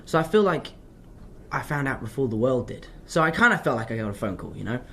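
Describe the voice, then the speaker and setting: A man's voice: medium pitch, fast talker, background noise. A young man, an actor answering fan questions in a casual live Q&A, telling stories with self-mocking asides. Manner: animated, chatty storytelling, self-mocking asides.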